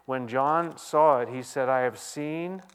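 A man preaching a sermon, his voice swelling into loud, urgent questions before falling back to a hushed, intimate tone. He reads scripture passages aloud and speaks directly to his listeners. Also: mid-range voice, a little slow, clean tone. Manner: dynamic preaching, swinging from loud exclamations to hushed quiet. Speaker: pastor.

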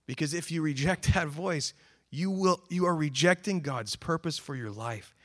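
A man preaching a sermon, earnest, swinging from emphatic calls to quiet, sober remarks. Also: fairly high pitch, moderate pace. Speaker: pastor.

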